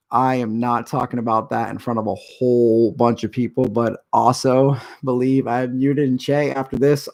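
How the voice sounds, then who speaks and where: A man's voice: medium pitch, gravelly. A middle-aged man hosting a live stream, ranting in an agitated, rambling way. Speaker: show host. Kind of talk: casual live-stream rant.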